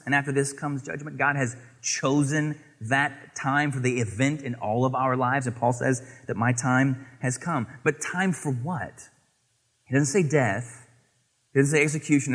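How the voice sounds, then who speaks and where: A male pastor preaching an expository sermon, asking rhetorical questions and moving between emphatic lines and hushed ones. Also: mid-range voice, breathy edge.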